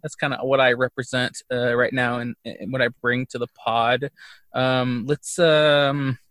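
A man's voice: medium pitch, level tone, unhurried, fairly bright tone, dry recording. A man hosting a casual podcast chat, rambling with lots of fillers and easy laughs. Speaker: podcast host.

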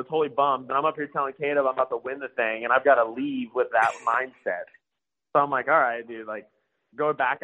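Man, slangy storyteller, middle pitch, tinny phone-like audio. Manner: laid-back, slangy, acts out quoted dialogue. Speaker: motocross rider and trainer. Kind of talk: casual storytelling interview.

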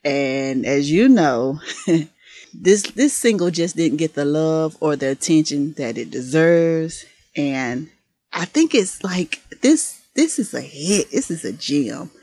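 A woman from Mississippi with a Southern accent, co-hosting a casual podcast chat, enthusiastic and quick to laugh. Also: deep voice, dry recording. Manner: animated, laughs often, enthusiastic. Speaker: podcast co-host.

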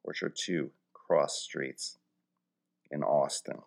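A man's voice: very deep voice, steady tone, takes it slowly, gravelly. Wry rambling man from Philly. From Philadelphia. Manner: wry, rambling, dry humor with mock-grand wording. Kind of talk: casual comedic monologue.

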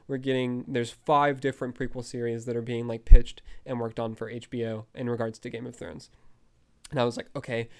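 A young man hosting a fan podcast, gushing with breathless, excited commentary and frequent outbursts. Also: medium pitch, smooth. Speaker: podcast host.

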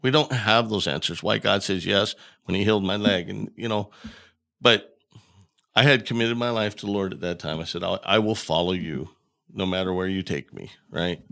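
Gravelly-voiced man telling a story. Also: sits low, normal speed. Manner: animated storyteller, acts out quoted dialogue. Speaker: podcast guest. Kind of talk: casual storytelling.

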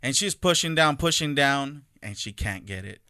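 Casual storyteller, man in his 30s, bright crisp voice, animated, dry close sound. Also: mid-range voice, normal speed, no room sound. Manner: animated storyteller, acts out quotes. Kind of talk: casual chat.

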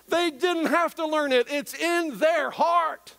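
A man preaching a sermon in an animated way, often questioning the congregation. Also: very high voice, takes it slowly, vocal fry, few pauses. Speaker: pastor.

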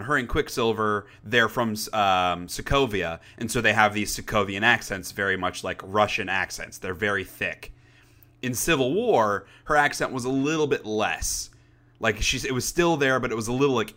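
A young man co-hosting a casual podcast, his pitch swinging up and down as he rambles on. His voice is bright and forceful, and he swears freely, with plenty of restarts. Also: lively intonation, moderate pace. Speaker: podcast co-host. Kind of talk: casual chat.

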